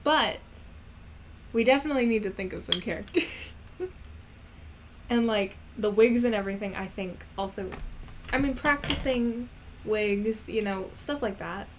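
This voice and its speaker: A woman's voice: mid-range voice, a little slow, long pauses, noisy background. A woman rambling in casual chat, giggly and self-deprecating. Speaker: animator and vlogger.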